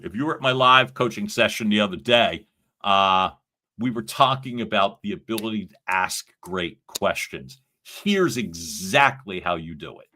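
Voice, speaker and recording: A man's voice: on the low side, sharp tone. A man coaching salespeople on a live stream, talking with energy and emphasis and acting out sample phone lines.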